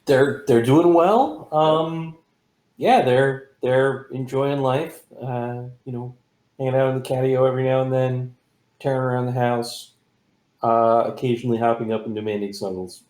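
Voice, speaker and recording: Soft-spoken, easygoing male player in a roomy home space. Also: mid-range voice, fairly even intonation, normal speed. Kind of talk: casual chat.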